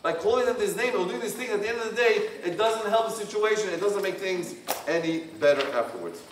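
A man's voice: high-pitched, lively intonation, quick pace. A man, a rabbi, leading a couples workshop and reading points aloud, then explaining them in plain, repetitive phrasing. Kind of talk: workshop lecture. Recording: echoey room, distant from the mic, faint hum.

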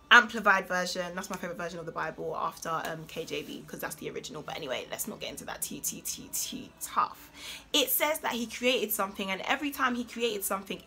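Young woman vlogging, bright punchy voice, emphatic and a bit preachy. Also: mid-range voice, breathy edge. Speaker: beauty vlogger. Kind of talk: casual talk to camera.

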